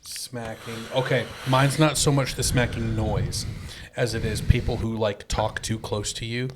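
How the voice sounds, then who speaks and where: A middle-aged man co-hosting a podcast in casual chat, animated and jokey, laughing often. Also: medium pitch, normal speed, noisy background. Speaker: podcast co-host.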